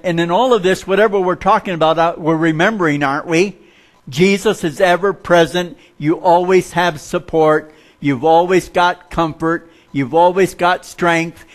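A man preaching a sermon, telling folksy stories with humor and dropping to a hushed voice for suspenseful parts. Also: fairly high pitch.

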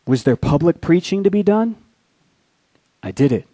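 A male pastor preaching a sermon, telling a war story with dramatic shifts into a quiet, low voice. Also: animated, unhurried, pauses often, no room sound.

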